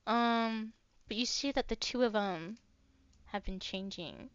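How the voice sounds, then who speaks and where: A woman narrating as game master of a livestreamed tabletop game, unhurried and full of fillers. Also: a little high, clean tone, no room sound. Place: home streaming setup. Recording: dull lo-fi stream mic.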